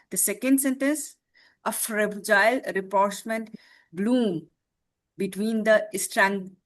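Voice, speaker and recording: A woman explaining a word and her meeting role, careful and pausing with fillers and restarts. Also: medium pitch. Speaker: club member, super listener.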